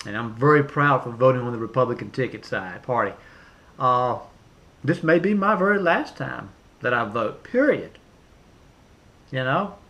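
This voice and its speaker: A man's voice: mid-range voice, lively intonation, normal speed, fairly bright tone. A man ranting emphatically to camera in a vlog, repeating himself with many fillers and restarts. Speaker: vlogger. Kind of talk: political rant to camera.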